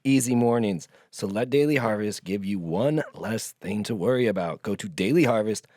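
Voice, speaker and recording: A man's voice: on the low side, lively intonation, normal speed, mellow, dry recording, studio quality. A man co-hosting a podcast, easygoing and joking, also reading an ad casually. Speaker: podcast co-host. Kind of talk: casual chat and ad read.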